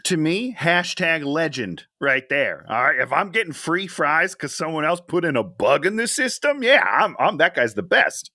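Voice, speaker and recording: A man's voice: fairly high pitch, very animated, normal speed, few pauses, bright, forceful tone, no echo, clean studio sound. A man co-hosting a casual movie-review podcast, joking and sarcastic as he picks a film apart. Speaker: podcast co-host.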